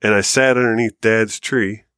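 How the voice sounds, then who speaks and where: A man co-hosting a hunting podcast, telling long stories in a loose, animated way and swearing freely. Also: fairly low pitch, normal speed, clear, resonant tone, no room sound, clean studio sound. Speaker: podcast co-host. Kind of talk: casual storytelling chat.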